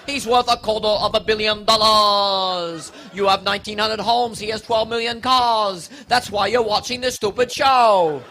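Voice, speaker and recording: A man doing an impression of a male TV host who yells everything nonstop about the rich. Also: high-pitched, moderate pace, hardly any pauses. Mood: bombastic. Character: bellowing male TV host of luxury shows.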